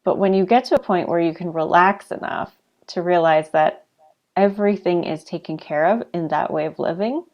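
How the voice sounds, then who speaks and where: Woman, lower voice, reflective, encouraging, casual chat co-host. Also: moderate pace, darkish tone. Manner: reflective, encouraging, lots of affirming murmurs.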